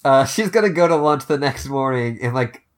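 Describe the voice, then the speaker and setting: A co-host with a mid-pitched voice riffs on a show's story in casual chat. The delivery is joking and profane, with pitch that moves around a lot. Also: animated, moderate pace. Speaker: podcast co-host.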